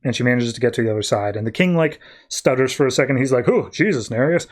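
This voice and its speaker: A man's voice: mid-range voice, rapid-fire. A man hosting a podcast, casually recapping a comic book in a rambling, filler-heavy way. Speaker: podcast host.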